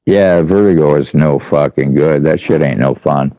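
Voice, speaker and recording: Man with a very low voice, blunt and profane, dry muffled call audio. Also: normal speed. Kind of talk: casual chat.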